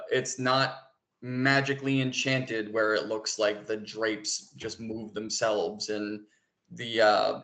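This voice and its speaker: A man's voice: lowish voice, pushed and bright. Rambling man narrating as game master. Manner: rambling, many fillers and restarts. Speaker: dungeon master.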